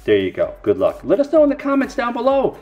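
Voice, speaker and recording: A man's voice: very high voice, huge pitch swings, fast talker, a little mellow, muffled recording, soft background music. A middle-aged man rambling casually to camera while opening card packs, with self-mocking, folksy asides.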